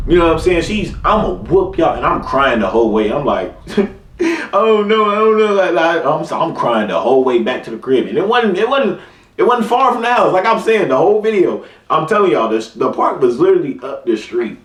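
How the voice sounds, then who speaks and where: A man's voice: a little high, sing-song, a little fast. A young man telling a casual story in slangy, laid-back speech, with frequent check-ins with his listener. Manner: laid-back slangy talk, keeps saying "you know what I'm saying". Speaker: vlogger. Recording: roomy sound, far from mic, music behind.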